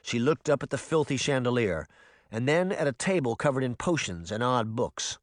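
Male audiobook narrator with an animated, expressive delivery and a dry close-mic sound. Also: mid-range voice, normal speed, no room sound. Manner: expressive, lively reading. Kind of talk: scripted storybook narration.

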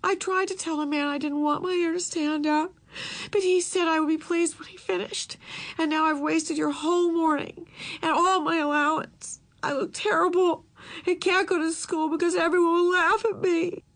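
A woman's voice: very high voice, fairly even intonation, moderate pace, a bit bright, voice pushed up. A woman voicing a teenage girl who is crying and upset about her hair. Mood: tearful, distraught.

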